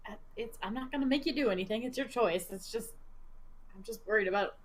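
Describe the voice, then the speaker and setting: A woman player in a tabletop game, speaking in a chatty, lively manner with frequent laughter. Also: on the high side, fast talker. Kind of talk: tabletop role-play, in character.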